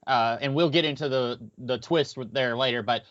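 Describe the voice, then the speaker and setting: Talking at an ordinary pace in a medium, fairly bright voice, this man co-hosts a podcast and riffs loosely on a film. He improvises, wandering off and restarting his sentences, captured in a dull, lo-fi recording with no room sound.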